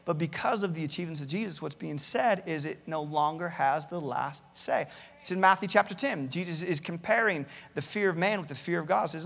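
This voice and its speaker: A man's voice: on the high side, brisk, vocal fry, a bit bright, in a large hall. A male pastor preaching a sermon, earnestly reading out many Bible verses and often repeating words as he starts a thought. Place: church campus, large hall.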